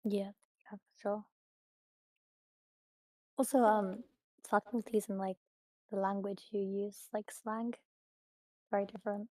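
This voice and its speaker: A woman's voice: mid-range voice, little pitch movement, takes it slowly, long pauses, dark tone. A woman chatting casually as a stream guest, in an easygoing, agreeable way. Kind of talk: casual chat.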